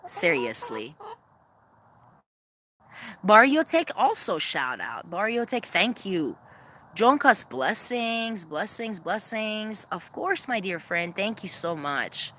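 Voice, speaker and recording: Bright-voiced lady chatting w her livestream by the chicken coop, lots of shout-outs, bouncy pitch, faint outdoor hum. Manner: chatty, gives viewers shout-outs, laughs often; calls to her hens in a very high sing-song voice. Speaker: vlogger hosting a livestream premiere. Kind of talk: casual livestream chat.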